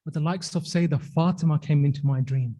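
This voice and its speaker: A man's voice: a little high, fairly quick, dark tone. A man with a British accent giving a sermon, telling a story with quoted dialogue in an earnest, emphatic way and asking rhetorical questions. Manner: asks rhetorical questions to the audience. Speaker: speaker at a religious gathering.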